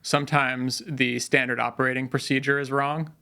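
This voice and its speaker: Gravelly, bright-toned man explaining product work. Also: mid-range voice, level tone, normal speed. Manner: thoughtful, explains with examples and fillers. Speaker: head of product, podcast guest. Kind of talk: conversational tech interview.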